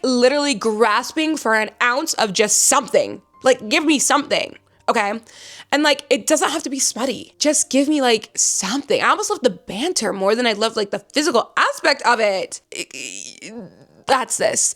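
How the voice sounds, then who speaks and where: A young woman with a slightly high voice chats about a book in a casual vlog. She rambles with plenty of fillers and gushes excitedly. Now and then she slips into high-pitched squeals. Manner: chatty, rambling, full of fillers. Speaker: book reviewer.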